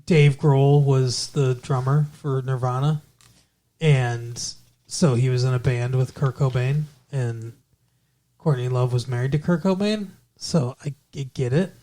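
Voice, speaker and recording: A man co-hosting a podcast, chatting casually and rambling through a show recap, with restarts and quick character voices. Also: mid-range voice, steady tone, dark tone. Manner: rambling, self-correcting, puts on character voices. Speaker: podcast co-host.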